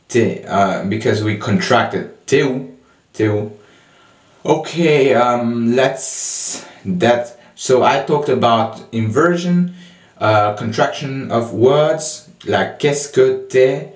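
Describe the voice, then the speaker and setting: A man with a French accent explaining everyday spoken French in a casual lesson, slow and hesitant with many fillers and restarts. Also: medium pitch, roomy sound, distant mic. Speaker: French tutor.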